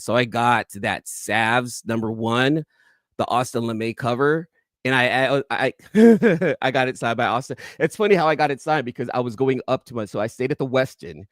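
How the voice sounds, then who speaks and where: A man's voice: medium pitch, expressive, fairly bright tone, no room sound, studio quality. A man hosting a casual comic-book haul vlog, rambling with many restarts and asides to viewers. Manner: rambling, self-interrupting, quick asides to viewers in live chat. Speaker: YouTube comic collector host.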